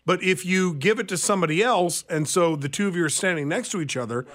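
Chatty opinionated radio host, higher voice. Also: male voice, fast talker, fairly bright tone. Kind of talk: casual radio banter. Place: radio studio.

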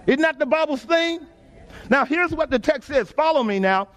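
Speaking at an ordinary speed, this man from Texas has a very high, slightly bright and expressive voice with a Texan accent. He delivers a folksy, emphatic call-and-response sermon before a congregation in a church sanctuary.

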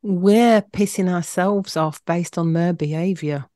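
A woman's voice: fairly low pitch, measured pace, mellow, no room sound. Woman, dry close sound, firm and direct. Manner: firm, direct, corrects others. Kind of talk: casual podcast chat.

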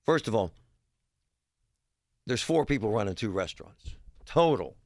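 A man's voice: on the low side, big pitch swings, measured pace, a little mellow, no echo, clean studio sound. A man hosting a talk radio show, delivering a blunt, heated monologue. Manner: blunt, heated, emphatic ranting.

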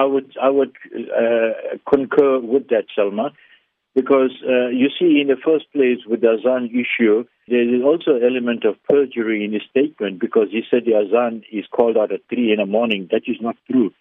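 A man's voice: mid-range voice, no echo. A man, a former councillor giving a radio interview by phone, speaking formally and emphatically with frequent stumbling restarts. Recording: tinny dry phone line.

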